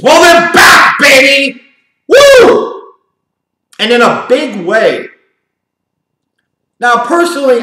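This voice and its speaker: A man with a high voice delivers a sarcastic, profanity-laced sports rant. His talk is animated and full of mockery. The room around him is echoey. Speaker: sports commentator. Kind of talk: ranting sports commentary. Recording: roomy echo.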